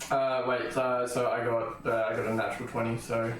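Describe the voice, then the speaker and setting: A man's voice: medium pitch, little pitch movement, moderate pace. A man playing a tabletop game, playfully narrating his character's actions. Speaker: player. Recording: distant mic, very echoey room with noise.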